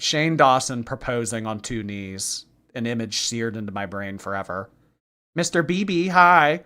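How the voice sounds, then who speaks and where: A man hosting a livestream, reading viewer messages aloud and answering with quick snarky reactions. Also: medium pitch, bright, forceful tone. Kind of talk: casual livestream chat.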